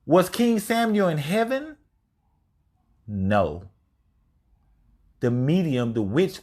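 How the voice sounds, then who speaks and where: A man teaching scripture informally, reading verses aloud and then paraphrasing them in casual, slangy, emphatic speech. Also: high voice. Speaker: religious teacher.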